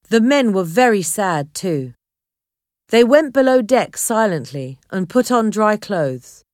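A woman narrating a chapter of an adventure storybook in a clear, measured reading. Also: medium pitch, no echo, clean studio sound. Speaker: audiobook narrator.

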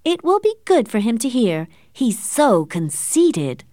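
A loud, bold young woman who teases freely, pitched a touch higher as a woman puts her on in a storybook. Her voice is lively in pitch and recorded close and dry. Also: measured pace, no room sound. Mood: teasing.

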